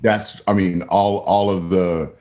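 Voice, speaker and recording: A man joining a video call podcast, talking in an animated way, laughing and restarting his sentences. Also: deep voice, slow pace. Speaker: podcast panelist. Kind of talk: casual chat.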